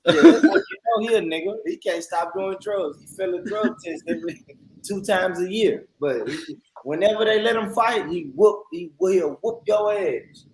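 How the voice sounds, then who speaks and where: A man's voice: sits high, normal speed, slight background noise, low-quality recording. A man, co-hosting a podcast in casual banter, joking loosely in drawling slang. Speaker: podcast co-host.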